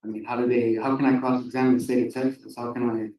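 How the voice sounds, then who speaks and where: A man defending himself in court, speaking hesitantly and haltingly to the judge. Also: medium pitch, little pitch movement, warm tone, recorded from a distance. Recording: echoey courtroom audio from afar.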